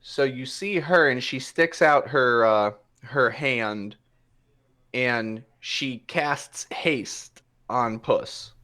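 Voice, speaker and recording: A man's voice: medium pitch, very slow, pushed and bright. A man narrating a tabletop game as game master, telling the scene in a loose, hesitant way with many fillers.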